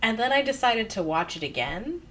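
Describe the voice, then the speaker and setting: A woman co-hosting a podcast in casual chat, telling stories excitedly, with bursts of squealing. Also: fairly high pitch, normal speed. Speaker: podcast co-host.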